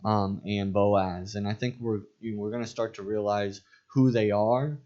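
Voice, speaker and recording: A man's voice: fairly low pitch, fairly even intonation, moderate pace, warm tone, lo-fi sound. A man co-hosting a casual Bible study podcast, rambling with fillers and restarts. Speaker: podcast co-host.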